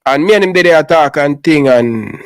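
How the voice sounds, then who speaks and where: A man's voice: a little high, lively intonation, moderate pace, no echo. Jamaican man telling a story in patois. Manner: storytelling in patois, repeats himself. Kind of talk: casual chat.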